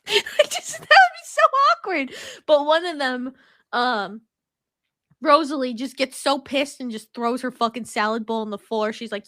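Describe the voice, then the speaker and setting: A woman's voice: high voice, very animated, a little slow, bright, forceful tone, no room sound, studio quality. A woman co-hosting a podcast, casually retelling a story with mocking asides and frequent laughter. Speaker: podcast co-host. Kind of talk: casual chat.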